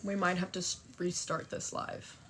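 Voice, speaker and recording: A woman's voice: lowish voice, completely flat delivery, normal speed, fairly bright tone, a little hiss or hum. A young woman telling a story and chatting on a phone livestream, brash and profane, thanking viewers for gifts. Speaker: TikTok live streamer.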